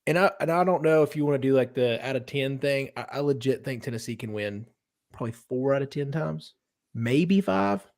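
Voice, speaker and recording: A man hosting a sports podcast in a loose, casual way, with a bit of swearing. His voice sits at an everyday pitch. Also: a little fast, darkish tone.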